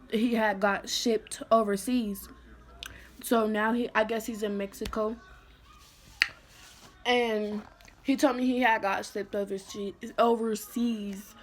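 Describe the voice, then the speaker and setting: A young woman vlogger telling a personal story in a somber, halting way, full of "like" fillers and restarts. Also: medium pitch. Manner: somber, emotional retelling. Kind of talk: storytime vlog.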